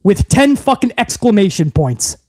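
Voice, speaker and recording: A man's voice: sits high, big pitch swings, normal speed, mellow, no room sound. A young man hosting a live wrestling podcast stream, ranting heatedly with lots of swearing and reading viewer messages aloud. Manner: heated, profane ranting, reads viewer super chats aloud.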